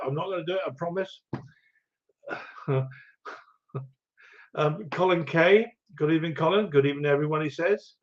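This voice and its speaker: A rambling, good-humoured middle-aged man, greeting viewers one by one with plenty of ums and restarts. His voice sits a touch high for a man. The stream audio is dull and lo-fi. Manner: chatty, rambling, chuckling, many ums and restarts. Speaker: livestream host. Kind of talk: casual live chat reading viewer comments.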